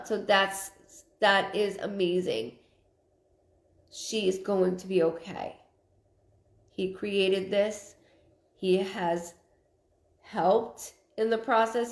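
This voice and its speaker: A woman of middle pitch giving live-stream psychic readings, her words coming in broken, repeated bits as she thinks aloud. She reads viewers' comments out loud between readings, and the room around her rings with a noticeable echo. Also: gravelly. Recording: roomy echo.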